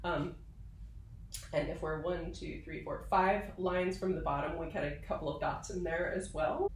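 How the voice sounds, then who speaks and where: A woman viola professor giving a patient, explanatory instrumental tutorial, pausing now and then with fillers. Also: on the low side, echoey room, recorded from a distance, noisy background. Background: viola playing.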